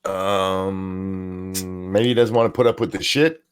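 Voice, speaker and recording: A man's voice: deep voice, steady tone, slow, soft background music. A man co-hosting a casual political talk stream, speaking hesitantly and searching for his words. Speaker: co-host of a news talk stream.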